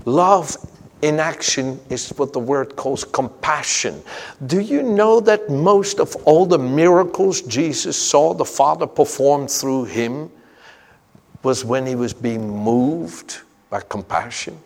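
In a large hall with long reverb, a man delivers a sermon at a slow pace, his medium-pitched voice animated. He preaches fervently and emphatically, threading personal stories through the message.

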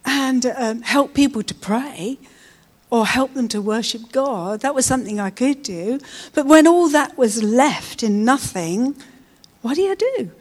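A woman's voice: a little high, lively intonation, a little slow, darkish tone. A middle-aged woman giving an informal, chatty sermon, often adding tag questions. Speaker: preacher.

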